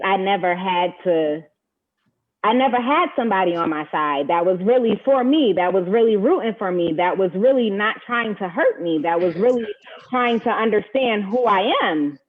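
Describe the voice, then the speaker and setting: A woman's voice: mid-range voice, animated, moderate pace. Woman panel guest, earnest and personal; tinny phone-line quality. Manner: earnest, reflective, openly personal. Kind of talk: candid personal discussion.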